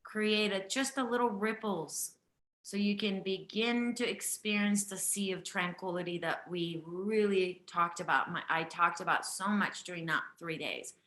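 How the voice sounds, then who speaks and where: A woman breathwork teacher hosting a live online session, talking in a gentle, earnest way and often repeating herself. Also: medium pitch, a little slow, roomy sound.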